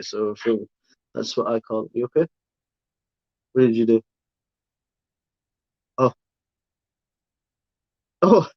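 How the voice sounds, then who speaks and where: A man's voice: mid-range voice, no echo. A man hosting a casual livestream, chatting fondly about his pet spider and cooing at her now and then. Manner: chatty, fond baby talk to his spider. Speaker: livestream host showing pet reptiles and spiders. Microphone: camera on a tripod, close by. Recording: dull, slightly lo-fi sound.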